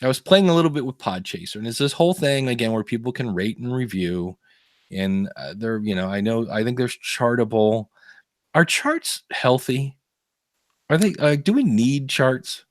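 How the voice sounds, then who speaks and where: A man's voice: medium pitch, expressive, normal speed, no echo. Chatty man on a dry podcast mic. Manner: chatty storyteller, laughs often, many fillers. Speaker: podcast co-host. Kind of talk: casual podcast chat.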